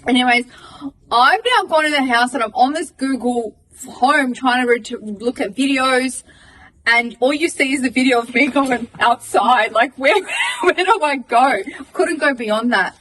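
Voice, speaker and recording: A woman's voice: high-pitched, unhurried, far from the mic, poor audio. An Australian woman in her thirties, a podcast co-host, telling a long story in casual chat, swearing and acting out what people said. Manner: animated, swearing, acts out dialogue.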